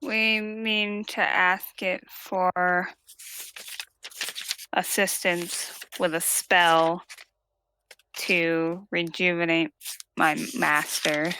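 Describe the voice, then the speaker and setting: A woman at a tabletop game speaking slowly and with care. Her voice is bright and a little tense, with faint noise and clicks behind it. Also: on the low side, little pitch movement, rough recording. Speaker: player. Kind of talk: in-character game talk.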